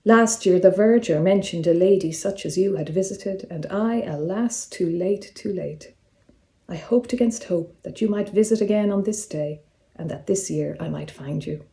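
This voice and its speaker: A woman voicing a scrawny, excitable male solicitor who talks with fussy, overly polite formality. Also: fairly low pitch, moderate pace, gravelly. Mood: earnest, apologetic. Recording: roomy echo.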